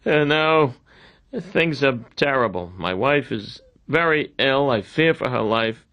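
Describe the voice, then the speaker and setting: A man's voice: mid-range voice, expressive, takes it slowly, dull audio. A man doing a pompous older sportscaster. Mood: tearful. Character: older male sportscaster, self-important, weepy then stubborn.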